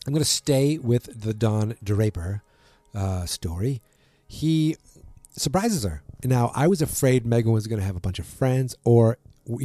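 Guy rambling thru a tv episode recap, lots of ums, low voice, dry close sound. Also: dark tone, no room sound. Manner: rambling, lots of ums and restarts, retells scenes by acting out quotes. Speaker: podcast host recapping a TV episode. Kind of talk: casual recap chat.

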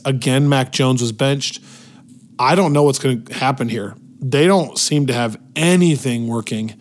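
A man hosting a weekly football podcast, his voice worn out and hoarse, talking in an energetic, opinionated way. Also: mid-range voice. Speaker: podcast host. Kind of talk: casual sports talk. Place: hotel room in Las Vegas.

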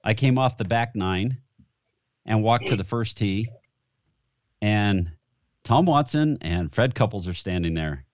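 A male sports radio host recounting a story plainly and calmly. His voice sits at a middle pitch, and the recording is very dry and dull, with no room sound and a muffled top end. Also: unhurried, long pauses, dry recording. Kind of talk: casual sports radio chat.

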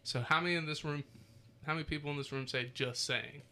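A man's voice: a little high, steady tone, fast talker, bright, forceful tone. A man hosting a podcast, reading from a list and joking around casually with friends, swearing freely. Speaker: podcast host.

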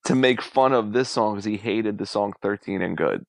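A man co-hosting a podcast, blunt and expressive in casual chat and swearing a lot. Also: on the low side, moderate pace, creaky, dry recording. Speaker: podcast co-host.

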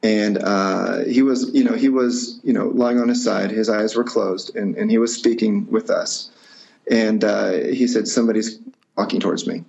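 A man telling a personal story in conversation, halting and reflective with many fillers and restarts. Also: on the low side, fairly even intonation, vocal fry, darkish tone. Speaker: guest. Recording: dull lo-fi recording.

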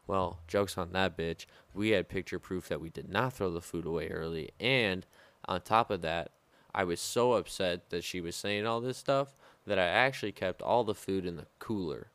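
A man with a very deep, smooth voice telling kitchen stories on a casual podcast. He rambles and swears freely and leans on filler words. He speaks as a former sous chef. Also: moderate pace, few pauses, a bit bright, dry recording.

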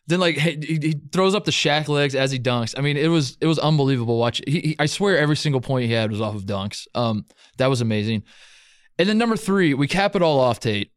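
A man's voice: mid-range voice, dry recording, studio quality. A man co-hosting a podcast, telling stories in a playful, laughing casual sports chat. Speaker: podcast co-host.

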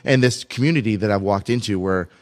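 A man's voice: fairly low pitch, quick pace. Lachende, geanimeerde man die een verhaal vertelt. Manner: animated, self-mocking storyteller, laughs often. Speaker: podcast guest telling his story. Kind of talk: casual podcast chat.

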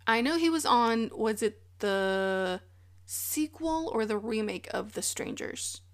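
A woman's voice: a little high, expressive, takes it slowly. A woman with a Texan accent, co-hosting a casual film podcast, rambling with playful asides. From Texas. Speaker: podcast co-host. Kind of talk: casual chat.

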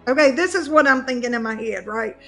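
A woman, telling a comic story on a podcast in a casual, animated way and laughing as she goes. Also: high-pitched, fast, faint music behind. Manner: animated, laughs through her own story. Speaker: podcast co-host.

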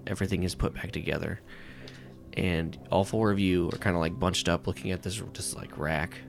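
A man's voice: low voice, steady tone, a little fast, creaky, a little hiss or hum. A man narrating a tabletop game as game master, rambling and filling with "like" and "um.". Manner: rambling, full of "like" and "um".

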